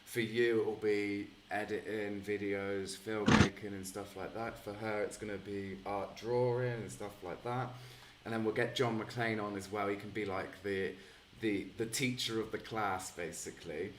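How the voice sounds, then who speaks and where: A man's voice: on the low side, steady tone, normal speed, slight background noise. A man hosting a live stream, chatting casually with lots of fillers and calling people mate. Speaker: streamer host. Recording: echoey room.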